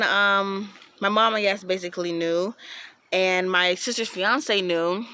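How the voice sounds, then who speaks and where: A woman's voice: mid-range voice, bright, forceful tone. A young woman vlogger telling a personal story in a chatty way, acting out what people said with lots of "like" and "um.". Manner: chatty, acts out quoted voices, frequent "like" and "um". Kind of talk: casual storytime vlog.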